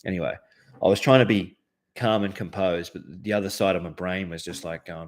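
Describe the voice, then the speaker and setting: A man's voice: low voice, steady tone, brisk. An Australian man hosting a show, telling a heated story in a casual, profane way, with lots of fillers and restarts. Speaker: host.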